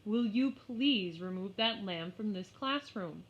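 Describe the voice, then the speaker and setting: A woman's voice: medium pitch, expressive, takes it slowly. A woman voicing a tall, irritated male schoolteacher who speaks with strained patience. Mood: stern. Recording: slightly muffled lo-fi.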